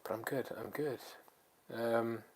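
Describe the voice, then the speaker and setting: A man, co-hosting a casual livestream chat, rambling and relaxed with lots of fillers, feeling a bit lethargic. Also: medium pitch, slow pace, breathy edge. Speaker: channel co-host.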